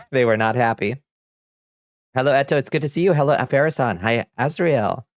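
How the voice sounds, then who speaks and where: A man's voice: medium pitch, lively intonation, moderate pace, no room sound, studio quality. A man chatting casually on a livestream, greeting his chat by name and chuckling often. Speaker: streamer.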